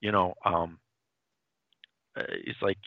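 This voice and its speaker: A man co-hosting a podcast casually recaps a comic book plot, rambling, restarting, and animatedly acting out characters' lines. His voice is deep and slow, and the recording is muffled with no echo.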